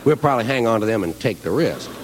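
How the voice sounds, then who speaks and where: A man doing a stand-up comedy routine, telling rambling, profane, animated stories. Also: lowish voice, fast, in a large hall, background noise.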